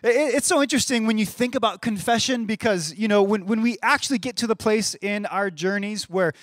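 A man's voice: high voice, fairly quick, a bit bright, dry recording, clean studio sound. A man in his thirties giving a sermon in a conversational way, often repeating words as he starts a phrase. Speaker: pastor.

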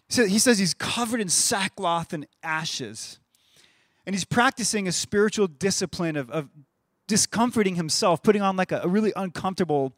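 Guy in his 30s preaching, fairly high voice, dry close sound, chatty and stumbles over his starts. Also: no echo. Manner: conversational, repeats words when starting phrases. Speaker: pastor. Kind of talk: sermon.

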